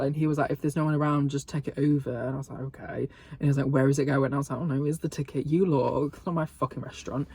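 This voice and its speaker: A man's voice: on the high side, darkish tone, slightly rough, no room sound. A young man vlogging, telling a gossipy story in a sweary, sarcastic way and laughing often, filmed on a phone camera. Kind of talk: casual storytelling mukbang.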